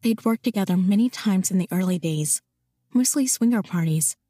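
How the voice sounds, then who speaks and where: An audiobook narrator reads a romance novel in an even, intimate storytelling voice of medium pitch at a moderate pace. Recorded close and dry, it carries no room sound.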